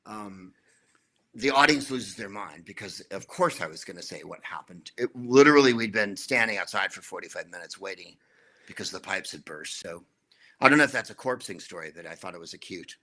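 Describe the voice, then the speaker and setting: A middle-aged man tells stories with dry wit and throws in quick asides. His voice sits low but has a bright, forceful edge. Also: lively intonation. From United States. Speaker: comedian guest. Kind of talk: anecdotal interview chat.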